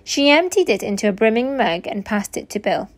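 A woman teacher reading a children's storybook aloud with slow, expressive narration. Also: on the high side.

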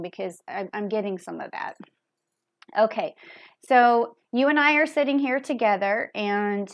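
A woman giving a casual tarot reading, chatting and laughing often as she speaks straight to the viewer in a heartfelt way. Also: mid-range voice. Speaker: tarot reader.

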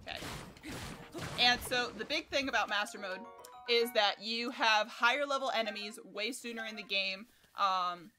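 A woman's voice: on the high side, moderate pace, bright, forceful tone, soft background music. A young woman chatting casually while streaming a game, swearing and laughing often as she talks to her chat. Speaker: livestreamer. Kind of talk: casual gameplay commentary.

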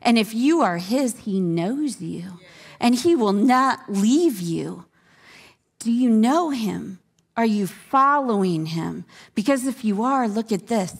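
A woman's voice: a little high, animated, takes it slowly, vocal fry. A woman teaching a women's Bible study, earnest and devotional, repeating key phrases for emphasis.

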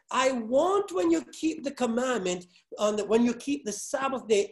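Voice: high voice, darkish tone. A pastor giving a sermon, hammering key words over and over and firing questions at the congregation. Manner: halting restarts, then building force.

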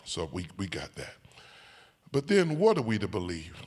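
A man preaching a sermon as a bishop, swinging from soft asides to shouted, sing-song whooping lines and calling out to the congregation. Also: low voice, wildly swooping pitch, normal speed, slightly rough. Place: church sanctuary. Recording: long church hall reverb.

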